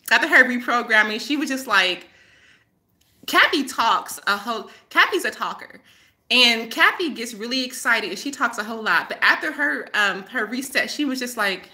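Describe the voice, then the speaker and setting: A woman's voice: fairly high pitch, pushed and bright. A woman hosting a casual live-stream chat as a spiritual healer, rambling and laughing often as she tells stories.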